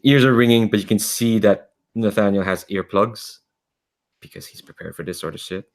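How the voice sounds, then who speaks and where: Man, game master, tabletop game narration, hesitant, ums and restarts, slightly low voice. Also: normal speed.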